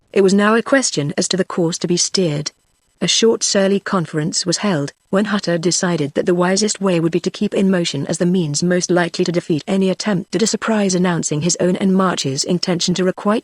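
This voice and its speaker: A text-to-speech voice narrating a classic novel with a middling pitch. The sound is dry and close, and the reading stays even and machine-made throughout. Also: no room sound. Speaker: audiobook narrator.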